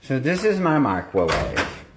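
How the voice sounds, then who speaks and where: A man's voice: mid-range voice, wildly swooping pitch, measured pace. A man casually chatting through a home baking vlog, rambling with little asides. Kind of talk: casual chat. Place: home baking room, indoors. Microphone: phone, sometimes earbuds.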